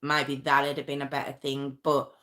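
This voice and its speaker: Low-voiced woman retelling a true crime. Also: monotone, fairly bright tone. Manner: emotional, halting, many restarts and pauses. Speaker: true crime channel host.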